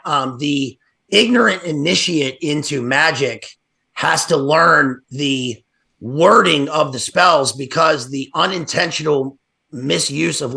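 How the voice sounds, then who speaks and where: A man's voice: fairly high pitch, gravelly, pushed and bright. A man talking as a guest on a livestream, analyzing literature in a rambling way, full of fillers and restarts. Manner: digressive, many fillers and restarts. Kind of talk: casual livestream discussion.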